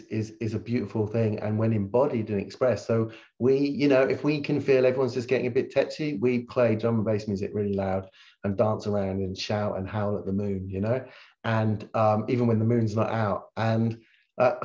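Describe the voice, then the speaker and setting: Middle-aged male therapist guest, candid storyteller, animated delivery, slightly lo-fi call sound. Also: fairly low pitch. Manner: animated, swings loud when reliving stories. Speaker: guest speaker, hypnotherapist.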